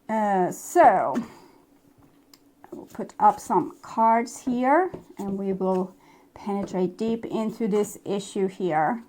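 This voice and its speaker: A woman with as a giving a casual spoken tarot reading, gentle and reflective, with soft laughs and hesitations. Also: mid-range voice, slow pace, a little hiss or hum. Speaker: tarot reader.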